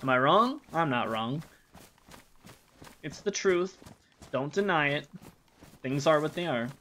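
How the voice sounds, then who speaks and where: A man's voice: on the high side, expressive, unhurried, pushed and bright, a little hiss or hum. A man from the United States, a game streamer chatting casually with his live chat while he plays, joking and rambling.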